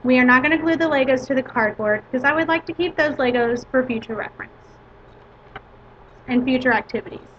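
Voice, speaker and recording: Woman teacher, high voice, measured step-by-step lesson, dull lo-fi recording. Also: fairly bright tone. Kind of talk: lesson to a class. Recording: dull lo-fi recording with faint hiss.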